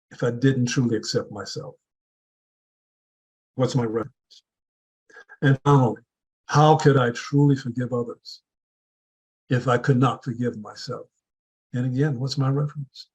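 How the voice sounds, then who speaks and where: Guy giving a motivational talk, husky voice, slow and deliberate, keeps asking questions. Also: mid-range voice, fairly even intonation, rough recording. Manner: deliberate, with repeated rhetorical questions. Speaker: club speaker. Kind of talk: motivational speech.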